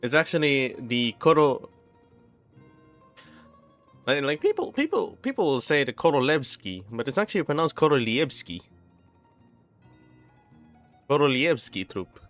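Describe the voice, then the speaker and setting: A man's voice: fairly high pitch, very animated, normal speed, long pauses, a bit bright, soft background music. A young man chatting casually while streaming a game, often restarting his sentences and sounding out names syllable by syllable. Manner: rambling, many restarts, sounding out words.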